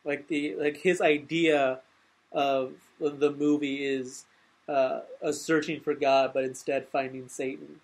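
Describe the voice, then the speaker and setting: A man co-hosting a podcast, casually recapping a movie with lots of fillers and loud goofy impressions. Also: medium pitch, level tone, slow, rough recording. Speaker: podcast co-host.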